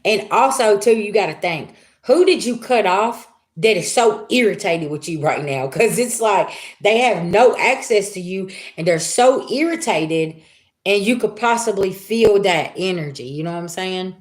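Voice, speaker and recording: A woman's voice: medium pitch, expressive, moderate pace. A woman reading on a live stream, talking in a chatty, emphatic way and throwing out rhetorical questions. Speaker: live-stream spiritual reader. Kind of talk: casual live-stream monologue.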